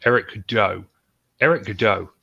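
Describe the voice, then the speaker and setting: A man's voice: on the low side, slow pace, creaky, sharp tone, breathy edge, no room sound, highs cut off. A man hosting a podcast, reading news stories with joking, sarcastic asides. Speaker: podcast host.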